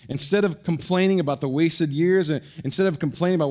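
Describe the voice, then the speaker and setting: In a sermon, a male pastor tells a story energetically, then lowers to a soft, quiet register for emphasis. Brief stumbles and fresh restarts mark his speech.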